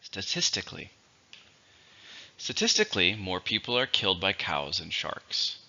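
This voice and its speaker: A man teaching English vocabulary, dictating words slowly and clearly, with a patient teacher's manner. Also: sits low, wildly swooping pitch, pushed and bright. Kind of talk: vocabulary lesson. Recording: dull lo-fi recording.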